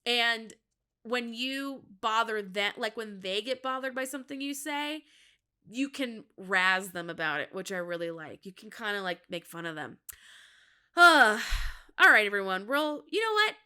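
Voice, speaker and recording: A woman's voice: on the high side, animated, moderate pace, bright, forceful tone, smooth. A woman in her thirties from Minnesota with a Midwestern accent, chatting candidly and jokily on her own podcast. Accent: Midwestern American. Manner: candid, self-mocking, jokey with laughs. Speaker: comedian podcast host. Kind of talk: casual solo podcast chat.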